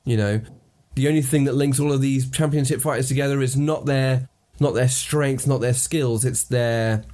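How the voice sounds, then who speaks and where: A man's voice: medium pitch, fairly even intonation, moderate pace, mellow. A man co-hosting a podcast, agreeing and summing up ideas as they brainstorm a story together. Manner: agreeable, sums up and steers ideas. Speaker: podcast co-host. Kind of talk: casual story brainstorming chat.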